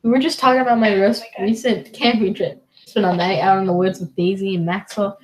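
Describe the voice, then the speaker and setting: A woman's voice: mid-range voice, fairly even intonation, brisk, lightly acted, low-quality recording. A woman reading as a bragging suburban dad. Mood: boastful. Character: boastful cheerful suburban dad.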